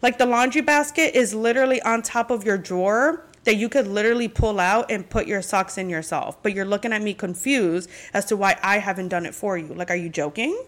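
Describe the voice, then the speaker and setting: A woman's voice: mid-range voice, brisk, few pauses. A woman hosting her podcast in a casual chat, talking candidly and venting with frequent swearing. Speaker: podcast host.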